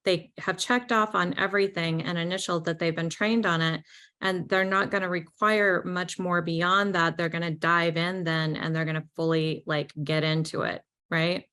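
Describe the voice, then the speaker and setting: A woman's voice: lowish voice, steady tone, normal speed, pushed and bright, clear, resonant tone. A woman consultant talking casually on a business podcast, chatty and full of fillers. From New York. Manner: chatty, many "like" and "right?" fillers.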